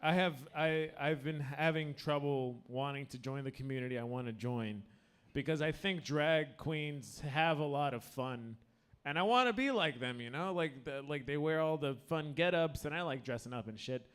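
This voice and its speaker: A man's voice: on the high side, normal speed, a bit bright, clean tone. A man doing a crude, rambling open-mic stand-up set on stage with a handheld mic, a little drunk, often cutting himself off mid-sentence. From United States. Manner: crude, rambling, self-interrupting. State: tipsy. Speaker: stand-up comedian.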